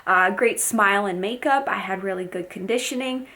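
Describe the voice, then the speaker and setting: A woman speaking in a middle-range voice with a gravelly, fry-tinged texture. She talks casually and candidly to her viewers in a vlog, chatty and open, with easy fillers as she shares how her competition went. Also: mid-range voice, normal speed, sharp tone. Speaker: bikini competitor and fitness coach.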